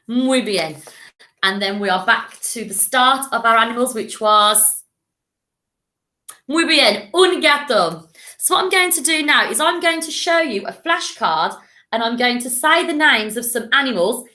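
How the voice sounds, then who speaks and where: Bright, encouraging woman teacher. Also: fairly high pitch, animated, a little slow, roomy sound. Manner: encouraging, with playful animal voices. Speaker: primary school teacher. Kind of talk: recorded classroom lesson.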